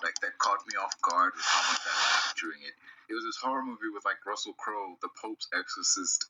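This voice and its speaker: A young man chatting as a podcast guest, telling a story in an animated, profane, laughing way. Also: sits low, a little fast, background noise. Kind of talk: casual chat.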